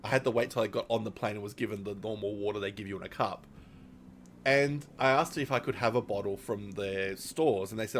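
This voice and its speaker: A man's voice: on the low side, fairly quick, slight background noise. A man streaming, telling a long personal story in casual, rambling talk full of fillers and little laughs.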